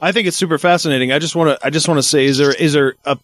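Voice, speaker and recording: A man co-hosting a podcast, joking and asking quick questions. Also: on the high side, fairly bright tone, no echo. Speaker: podcast co-host. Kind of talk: casual chat.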